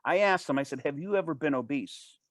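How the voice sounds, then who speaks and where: A man as an interview guest, telling a personal story in a casual, animated way, with frequent restarts and false starts. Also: a little high, no room sound. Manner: animated, fast-paced anecdote telling.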